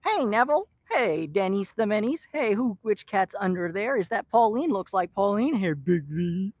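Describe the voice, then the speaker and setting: A man's voice: high-pitched, expressive, moderate pace, a little mellow, dry recording. A man vlogging outdoors while feeding rescued street cats, rambling affectionately and teasing the cats by name. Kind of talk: casual chat to camera and to cats. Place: outdoors by a shipping container.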